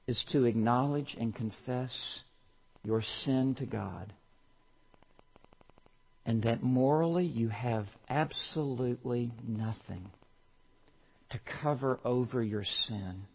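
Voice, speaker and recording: Slow, booming preacher in a hall. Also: male voice, gravelly, husky. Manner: swings from low and hushed to loud, forceful exclamations; slow, deliberate emphasis on single words. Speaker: pastor. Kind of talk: sermon. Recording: muffled sermon recording in a large reverberant hall.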